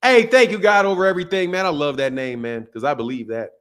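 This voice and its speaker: A man's voice: on the high side, steady tone, fast talker, fairly bright tone. A man hosting a live boxing call-in show, blunt and profane, teasing his callers and laughing often. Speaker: boxing talk show host. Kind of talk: casual live call-in chat.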